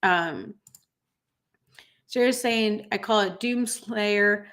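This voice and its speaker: A woman in her thirties hosting a livestream, tearful after crying, reading viewer comments in an earnest, halting way with many fillers. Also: medium pitch, fairly bright tone. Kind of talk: emotional livestream chat.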